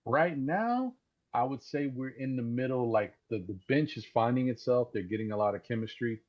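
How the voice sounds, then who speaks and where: A man calling in to a live sports talk show over a voice chat, talking excitedly and rambling, often repeating words as he restarts. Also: mid-range voice, moderate pace. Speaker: caller. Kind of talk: casual call-in sports talk. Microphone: Discord voice call. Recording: dull lo-fi call audio.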